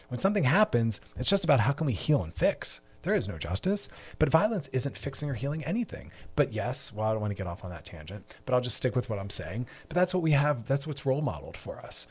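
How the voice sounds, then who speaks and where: A man's voice: mid-range voice, husky. A man hosting a solo podcast, delivering an emphatic, preachy monologue with repeated refrains. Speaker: podcast host.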